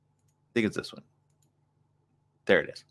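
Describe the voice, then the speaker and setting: A man's voice: measured pace, fairly bright tone. A man hosting a live morning show, reading news items aloud and adding chatty, wry asides. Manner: chatty, wry asides between read passages.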